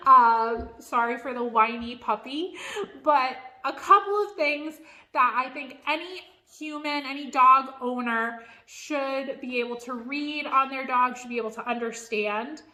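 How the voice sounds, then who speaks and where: A woman's voice: high voice, unhurried, bright, forceful tone. A woman dog trainer giving a frank, chatty lesson on dog behavior. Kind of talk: instructional video.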